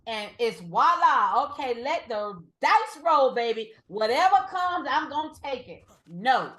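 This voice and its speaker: A woman's voice: fairly high pitch, big pitch swings, unhurried, fairly bright tone. Emphatic woman teaching a trading class. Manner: emphatic, repeats points, addresses the group as y'all. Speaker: trading instructor.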